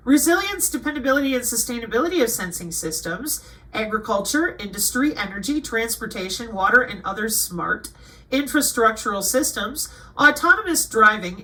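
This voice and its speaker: A woman's voice: mid-range voice, sharp tone, rough recording. A woman reading aloud from a web page and commenting, indignant and lecturing at times. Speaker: online commentator.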